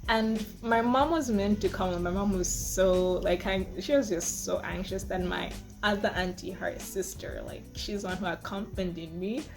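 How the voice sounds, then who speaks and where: Young woman vlogger, casual storyteller, filler-heavy and animated, mid-range voice, faint music underneath. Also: mid-range voice, moderate pace, vocal fry, hardly any pauses. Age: 20s.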